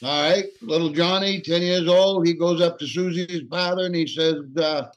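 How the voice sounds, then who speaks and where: A man on a casual talk show telling jokes in an unhurried storyteller's way. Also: fairly high pitch, fairly even intonation, low-quality recording.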